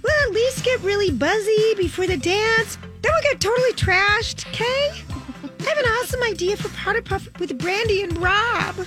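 A scheming teenage mean girl, played by a woman, chirps her lines in a very high, girlish voice that swoops up and down. Her tone is catty and conspiratorial. Music plays clearly behind her. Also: expressive, normal speed. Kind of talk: reading old notes aloud as a character.

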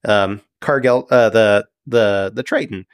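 A man's voice: fairly low pitch, unhurried, smooth, no echo, clean studio sound. A man narrating a tabletop game as game master in a casual, filler-heavy way.

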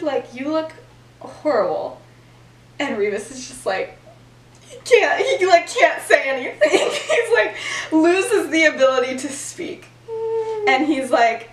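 In a high, sing-song voice at a measured pace, a young podcast host casually retells a story to her friend. She laughs as she talks and fills her speech with "like." The recording is roomy and distant.

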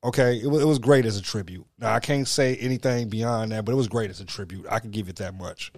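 A man's voice: fairly low pitch, quick pace, darkish tone, no room sound, studio quality. A man co-hosting a casual podcast, rambling, stammering and laughing often, with coarse language. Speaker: podcast co-host. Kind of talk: casual banter.

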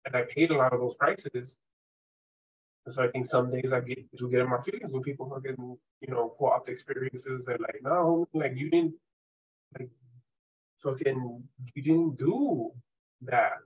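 Husky man telling raw street stories. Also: mid-range voice, normal speed, lo-fi sound. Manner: emphatic, swears often, many "right?" and "like" tags. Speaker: podcast guest. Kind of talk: candid conversational storytelling.

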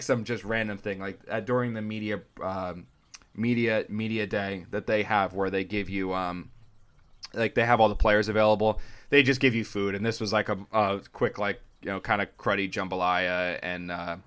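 A young man chatting casually on a sports podcast, telling stories and acting out what others said with big jumps in his voice. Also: smooth. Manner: animated storyteller, acts out quotes with big pitch jumps. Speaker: sports reporter and podcast guest.

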